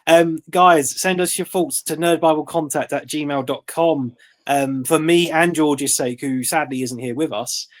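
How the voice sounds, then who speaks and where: A man's voice: a little high, measured pace. A young man co-hosting a casual podcast chat, rambling and joking with lots of fillers. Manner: rambling, jokey, many fillers and laughs. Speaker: podcast co-host.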